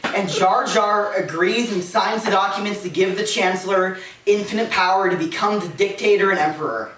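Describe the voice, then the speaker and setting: A man's voice: high-pitched, normal speed, fairly bright tone, slight background noise. A man giving a casual, comedic lecture to a small audience, talking in a sarcastic, rambling way full of "like" asides. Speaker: presenter. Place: room with a small live audience. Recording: echoey room, distant mic.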